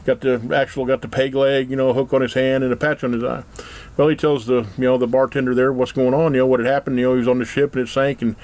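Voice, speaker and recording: A man's voice: mid-range voice, little pitch movement, fast talker, a little mellow. A man telling a long, folksy joke story in a rambling, casual way. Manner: rambling, folksy, full of fillers.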